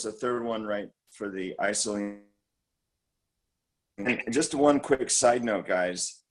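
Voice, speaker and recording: A man's voice: mid-range voice, poor audio. A man co-hosting a team call, giving an enthusiastic, rambling product recap full of fillers and restarts.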